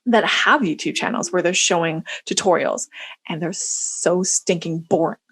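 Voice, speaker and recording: A woman co-hosting a podcast in casual chat, talking in a chatty, animated way with many restarts. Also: lowish voice, moderate pace, husky. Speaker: podcast co-host.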